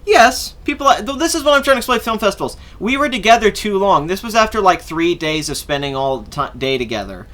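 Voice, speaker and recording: On his podcast, a young man with a high, bright voice rambles through a long story, cursing freely and performing others' lines. He's expressive and a little fast, with hardly any pauses.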